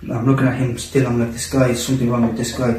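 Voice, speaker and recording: A man tells a gripping personal story at a rapid clip, circling back on his words and peppering them with Arabic religious phrases. His voice bounces around an echoey room and sits some distance from the mic. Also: medium pitch, completely flat delivery, a little mellow. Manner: intense, repetitive, sprinkles Arabic religious phrases. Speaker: guest telling a personal story. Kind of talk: casual podcast storytelling.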